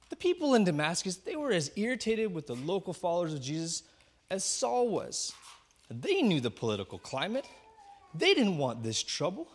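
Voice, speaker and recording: A man preaching a storytelling sermon, pitched high and full of swooping ups and downs. He acts out the scenes and coaches the congregation to shout back lines. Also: normal speed. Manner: animated, acts out the scenes in small voices. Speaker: pastor.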